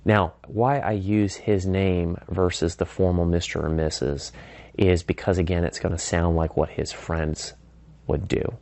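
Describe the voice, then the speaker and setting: A man's voice: low voice, fairly even intonation, measured pace, darkish tone, no room sound. A man teaching persuasion techniques in a conversational way, stopping often to act out sample phone calls. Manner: acts out sample phone calls in varied voices. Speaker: sales trainer. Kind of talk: instructional talk.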